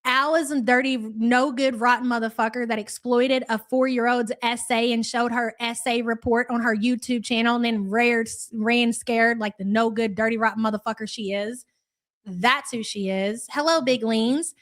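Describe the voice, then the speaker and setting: A woman's voice: fairly high pitch, steady tone, normal speed, fairly bright tone. A woman hosting a live reaction stream, commenting sarcastically and reading out viewer messages. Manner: sarcastic, reads out chat messages. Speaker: host.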